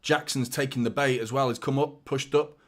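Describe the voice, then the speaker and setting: Guy doing a live match watchalong, chatty and jokey, mid-pitched voice. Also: brisk. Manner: chatty, jokey, excitable during attacks. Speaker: fan channel host.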